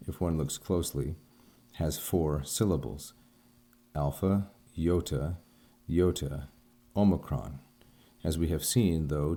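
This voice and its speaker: Very deep, slow-speaking male teacher. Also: dark tone. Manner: slow, measured, careful spelling-out of sounds. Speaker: Greek teacher. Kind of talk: recorded lesson lecture.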